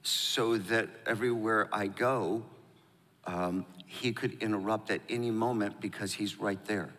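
A man's voice: fairly low pitch, steady tone, unhurried, a bit bright, big-room sound. A middle-aged pastor telling personal stories as an interview guest, emotional and hesitant, often restarting his sentences.

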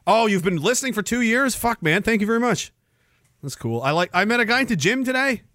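A man's voice: high voice, lively intonation, fast, bright, forceful tone, dry recording, studio quality. A man from Canada hosting a casual, profane livestream, joking crudely, laughing often and reading out chat messages.

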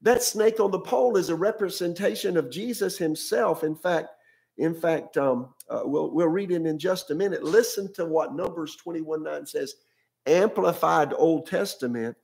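A man's voice: on the high side, moderate pace, creaky, a little mellow. A male pastor preaching a sermon in a conversational way, often repeating words and asking his listeners questions.

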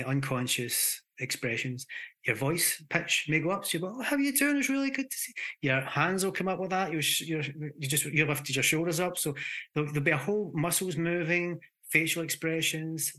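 Bright-toned Scottish man explaining. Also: medium pitch. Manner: animated, explains with acted examples and restarts. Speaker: hypnotherapist guest. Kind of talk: conversational explanation.

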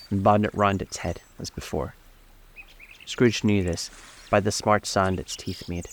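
A man narrating a classic story in a measured, even audiobook style. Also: low-pitched, a little hiss or hum.

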